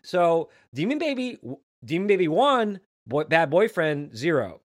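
A man co-hosting a casual chat, jokey and animated. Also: fairly high pitch, unhurried, no room sound, clean studio sound. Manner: animated, jokey, acts out quotes. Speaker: podcast co-host. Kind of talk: casual chat about a comic.

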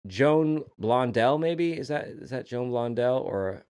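A man's voice: mid-range voice, animated, slow pace, a little mellow, clear, resonant tone. A man co-hosting a podcast in casual chat, rambling and correcting himself as he talks. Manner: rambling, self-correcting, acts out quotes. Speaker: podcast co-host.

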